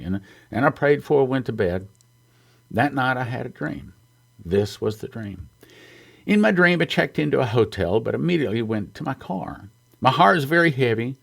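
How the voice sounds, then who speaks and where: A man from the United States, a ministry founder and speaker, gives an earnest testimony during a sermon, telling it as a story and sometimes choking up with emotion. His voice is mid-range and gravelly.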